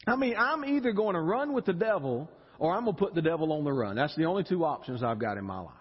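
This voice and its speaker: A man's voice: on the high side, fast talker, breathy edge, long reverb tail, lo-fi sound. A man preaching an emotional evening sermon, often repeating words as he builds. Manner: animated, emotional, repeats words when stirred. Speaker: pastor. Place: church sanctuary.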